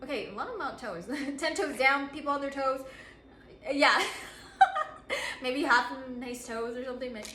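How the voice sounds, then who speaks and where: A woman giving a channeled oracle card reading, bubbly and excitable, laughing often and acting out other people's reactions. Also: high-pitched, moderate pace, long pauses, roomy sound, slight background noise. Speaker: tarot reader.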